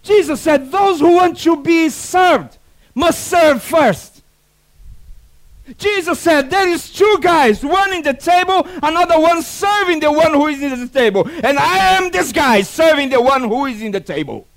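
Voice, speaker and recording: High-voiced animated preacher man. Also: measured pace. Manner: animated preaching with acted-out quotes and non-native phrasing. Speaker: pastor. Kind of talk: sermon.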